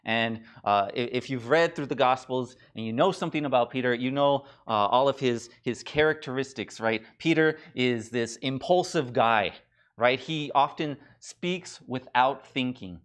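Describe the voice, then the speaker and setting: A man's voice: medium pitch, moderate pace. Conversational male pastor preaching. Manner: conversational, animated retelling with many restarts and fillers. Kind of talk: sermon. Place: church.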